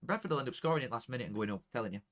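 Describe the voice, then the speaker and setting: A young man chatting through a live football watchalong. He rambles casually, mutters low one moment and bursts out loudly the next. His voice sits at an ordinary middle pitch for a man. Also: very fast. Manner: excitable, chatty, swings from flat mutter to loud outbursts. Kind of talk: casual live commentary to viewers.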